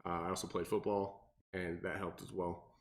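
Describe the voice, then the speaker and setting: A man's voice: low-pitched, level tone, normal speed, creaky. A young man, a personal trainer, chatting casually on a podcast, explaining things with analogies and many fillers. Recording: roomy echo.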